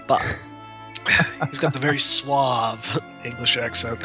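A man's voice: mid-range voice, fairly even intonation, slow, music in the background. A man co-hosting a casual podcast, joking and laughing easily. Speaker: podcast co-host.

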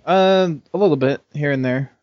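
A man's voice: fairly high pitch, normal speed, dry recording, lo-fi sound. A young college-age man co-hosting a podcast, speaking plainly and modestly in casual banter. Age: young adult. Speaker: podcast co-host.

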